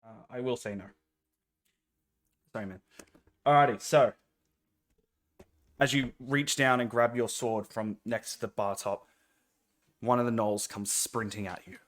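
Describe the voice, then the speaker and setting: A man with an Australian accent narrating a tabletop game as game master in a relaxed, rambling way, often laughing. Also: medium pitch, unhurried, pauses often.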